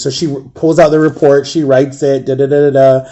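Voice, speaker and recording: A man telling a rambling, animated personal story in a casual vlog. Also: medium pitch, moderate pace. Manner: rambling, animated, acts out quoted voices.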